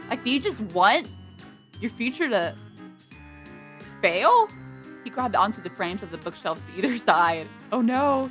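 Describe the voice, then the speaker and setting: A woman playing through a visual novel, reading its text aloud and loudly scolding the characters in exasperation. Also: mid-range voice, moderate pace, soft background music. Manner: animated, yelling in exasperation at characters. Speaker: game streamer.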